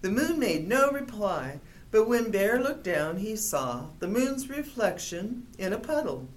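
A woman reading a children's picture book aloud in a gentle, expressive storytelling manner. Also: medium pitch, measured pace. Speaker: storybook reader.

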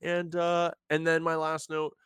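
In a casual TV recap, a young co-host rambles and mocks himself, his energetic delivery drifting and starting over. His voice is a little high, smooth, and unhurried, captured in a close, dry recording.

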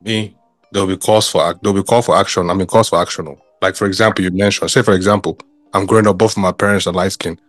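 A man's voice: low voice, fairly even intonation, fast, dry recording, soft background music. A man in a casual book club discussion, talking animatedly with lots of fillers and rhetorical questions.

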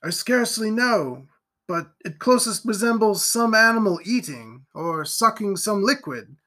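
A man's voice: sits high, animated, a little slow, pushed and bright, pitched above the performer's own voice, heavily acted. A man reading aloud and voicing a trembling, frightened young man who speaks tensely.

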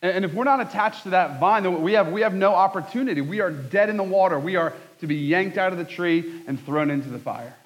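A man in his thirties preaching a conversational sermon, joking at his own expense with lively asides. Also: high voice, quick pace, few pauses, low-quality recording. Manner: conversational, self-deprecating, animated asides. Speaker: pastor.

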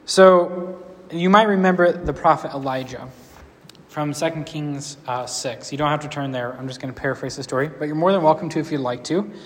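A man's voice: fairly high pitch, a little fast. Man preaching casually in a hall. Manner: relaxed, conversational, playful asides. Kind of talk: casual storytelling sermon.

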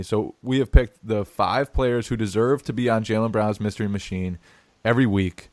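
A man's voice: on the low side, steady tone, moderate pace, a little mellow, no room sound. Male sports podcast host, casual and laughing, dry close mic. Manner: laughing, stumbling restarts.

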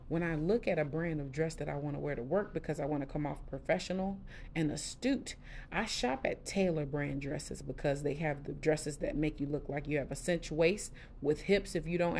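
A middle-aged woman hosting a podcast, telling her personal story candidly in a casual, expressive way with lively quoted asides. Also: low-pitched, slight background noise. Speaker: podcast host.

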